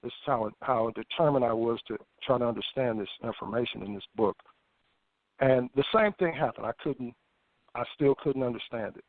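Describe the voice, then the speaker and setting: A man, a guest on a phone interview, telling a personal story in a lively way, with stammered restarts and acted-out thoughts. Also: medium pitch, a little fast, dry recording. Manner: animated, stammering restarts, acts out his own past thoughts. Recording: tinny phone line, dry.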